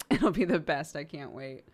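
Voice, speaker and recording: A woman's voice: low-pitched, expressive, unhurried, slightly rough. A woman from the United States streaming from home, chatting casually with her chat and laughing often. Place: home streaming setup, lives in England.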